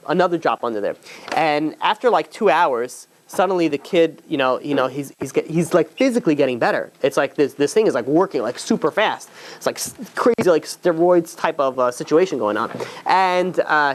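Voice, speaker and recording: A rabbi telling a story as a sermon at a brisk, quick clip. His delivery is loose and casual, full of fillers and restarts, and he briefly voices the characters as he goes. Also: fairly high pitch.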